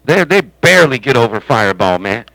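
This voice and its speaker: A man with a medium-pitched, gravelly, sing-song voice talks fairly quickly, sounding pushed and bright. He hosts a CB radio stream from his home base station, rambling, joking and folksy. The audio is poor but has no room sound.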